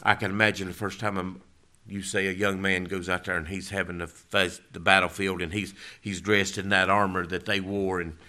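A male pastor preaching a sermon, emphatic, swinging from loud declarations to low, quiet lines. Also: level tone, normal speed.

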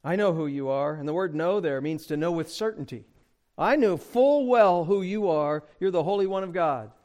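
A man preaching an expository sermon, addressing the congregation directly and rising in pitch and volume for emphasis. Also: expressive, moderate pace, darkish tone. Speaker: pastor.

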